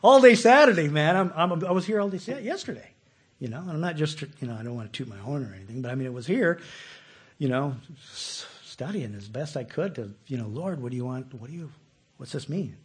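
A man preaching a sermon in a relaxed, conversational way who often puts questions to his listeners. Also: on the high side, fairly quick, slightly rough. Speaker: pastor.

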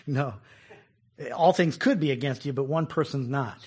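A man's voice: medium pitch, normal speed, a little mellow, husky. A man preaching a conversational sermon, chuckling often and acting out people's complaints. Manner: conversational, laughs often, acts out quoted complaints.

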